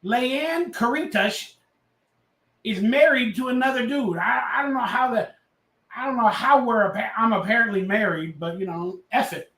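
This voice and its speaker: A man hosting a casual livestream, loud and rambling, a little tipsy as he reads out chat messages. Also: very high voice, normal speed, echoey room. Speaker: livestream host.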